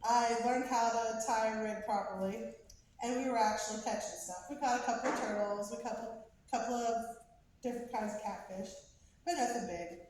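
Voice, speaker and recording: A woman telling a prepared personal story about her son, measured with slow emphatic pauses, growing lively at the exciting parts. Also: a little high. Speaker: mother telling a family story. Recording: very echoey, distant, faint background noise.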